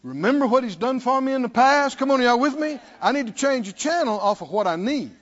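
A man's voice: extremely high pitch, lively intonation, fairly quick, highs cut off. A man preaching a sermon, repeating phrases and putting questions to his listeners.

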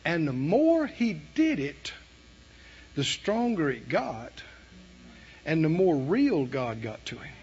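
A high-pitched man with a drawl preaches with fire, swinging from hushed asides to shouted lines. He chuckles between points. The recording is muffled and lo-fi. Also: sing-song, takes it slowly, pauses often, breathy edge, faint music behind. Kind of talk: sermon.

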